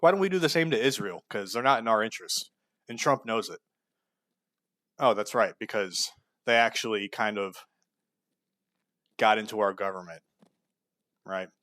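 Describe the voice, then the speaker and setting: A man's voice: on the low side, normal speed, pauses often, pushed and bright, dry recording, clean studio sound. A man giving heated, sarcastic political commentary, blunt and full of profanity. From United States.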